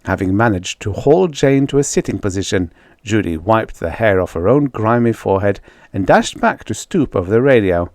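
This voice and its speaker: A man narrating a vintage science fiction story in a lively storytelling manner. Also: fairly low pitch, moderate pace, no room sound. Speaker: audiobook narrator. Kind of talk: scripted narration.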